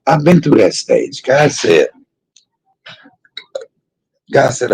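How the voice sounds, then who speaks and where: A man's voice: medium pitch, big pitch swings, takes it slowly, a little mellow, breathy edge, poor audio. An older man hosting a live food stream who drifts into emphatic, folksy preaching. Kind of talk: mukbang stream talk turning into preaching.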